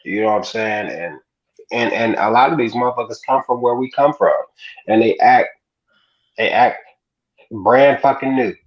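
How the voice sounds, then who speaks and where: A man's voice: medium pitch, normal speed, long pauses. A man co-hosting a casual uncensored chat, swearing a lot and asking "you know what I'm saying" again and again. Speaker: podcast co-host. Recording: dull lo-fi sound.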